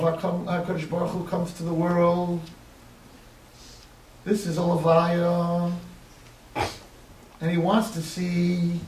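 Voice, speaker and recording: High-voiced guy preaching hard, kinda flat, echoey room, mic far off. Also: a little hiss or hum. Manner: impassioned, building to crying pleas. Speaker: rabbi. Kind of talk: sermon. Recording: echoey, distant mic, faint ambience.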